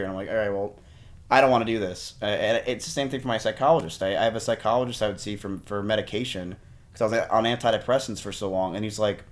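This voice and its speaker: A man's voice: on the low side, fast talker. A young man, a streamer, talking candidly and rambling, often acting out what other people said to him. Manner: rambling, animated, mimics others mid-story. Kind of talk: candid conversation.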